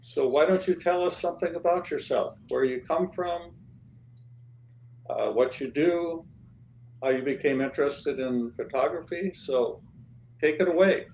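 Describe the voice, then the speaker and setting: A man hosting an interview show, who speaks in a friendly, unhurried way with hesitant fillers. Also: on the high side, darkish tone, a little hiss or hum, poor audio. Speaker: host.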